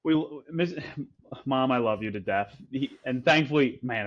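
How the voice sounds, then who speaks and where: A man's voice: mid-range voice, moderate pace, lo-fi sound. A man co-hosting a casual podcast, telling a story with lots of restarts and fillers. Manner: rambling storyteller with many restarts. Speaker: podcast co-host. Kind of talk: casual chat.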